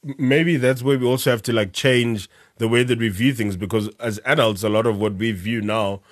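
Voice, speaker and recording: A man's voice: medium pitch, fairly even intonation, fairly quick, no echo, clean studio sound. A South African man in his thirties, co-hosting a casual podcast chat, rambling and restarting his sentences and laughing often. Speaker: podcast co-host.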